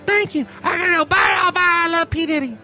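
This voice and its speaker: A man doing Benita the shrill rodeo queen. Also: fairly quick, pushed and bright, soft background music, heavily acted. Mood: snippy.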